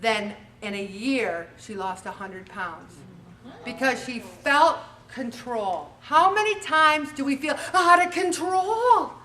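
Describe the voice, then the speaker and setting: A woman in her forties hosting a motivational weight-loss talk, animated and acting out little scenes as she goes. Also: high-pitched, takes it slowly, distant mic. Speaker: weight-loss show host.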